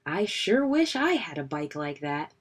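A woman reading aloud, voicing a meek young boy bear cub in a storybook who talks sheepishly and gently. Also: low voice, very animated, measured pace, breathy edge, full character voice. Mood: eager.

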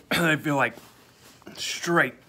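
Slow-talking man gasping through pepper heat. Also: on the high side, pushed and bright, a little hiss or hum. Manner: gasping, coughing, pained exclamations. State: mouth burning from a hot pepper. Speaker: vlogger eating hot peppers. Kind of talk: casual vlog. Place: break room at work.

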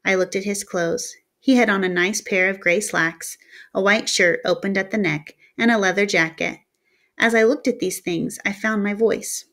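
A woman reading a novel chapter aloud as an audiobook. Her narration is steady and told in the first person, as a storyteller. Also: mid-range voice, moderate pace. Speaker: reader.

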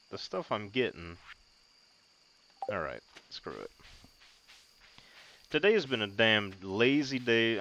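Low-voiced joking man playing a game. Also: dull audio, slight background noise. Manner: joking, self-mocking, excitable. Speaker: gaming video host. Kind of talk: casual gameplay commentary.

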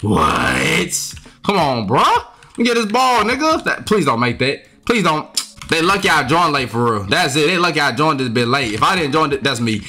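A young man giving excitable, profane commentary while playing a game. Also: mid-range voice, fairly quick. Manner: trash-talking, excitable, profane. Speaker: gaming streamer. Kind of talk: live gameplay commentary.

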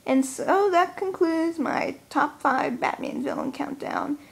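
A young woman hosting a casual countdown video. Her voice is high, and she talks in an excitable, chatty way, teasing herself as she goes. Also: takes it slowly, gravelly. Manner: chatty, excitable, self-mocking. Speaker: vlogger.

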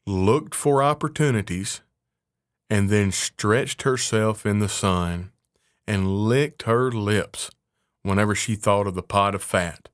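A man reading a fairy tale aloud in a measured, unhurried way. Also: on the low side, no room sound, clean studio sound. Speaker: narrator.

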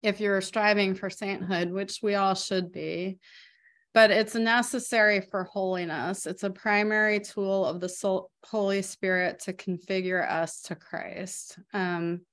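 A woman's voice: medium pitch, fairly even intonation, unhurried, a bit bright. A middle-aged woman, teaching a parish faith class in a personal, conversational way with many fillers. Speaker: RCIA catechist. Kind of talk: casual teaching talk.

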